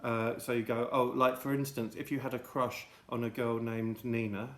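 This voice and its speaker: A man's voice: mid-range voice, flat delivery, normal speed, hardly any pauses, a little hiss or hum. A man hosting a comic children's show, rambling in a silly, mock-pompous way. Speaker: host. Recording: echoey room.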